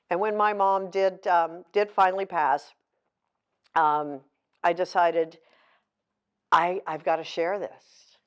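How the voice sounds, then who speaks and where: A middle-aged woman author giving a candid, heartfelt talk to an audience, mixing emotion with self-deprecating humor. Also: fairly low pitch. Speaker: author at a book signing.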